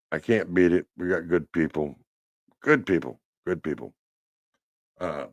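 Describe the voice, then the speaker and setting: Trucker guy, low voice, teasing and rambling, dry recording. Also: no room sound. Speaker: trucking podcast host. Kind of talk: casual chat while driving. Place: truck cab on the road.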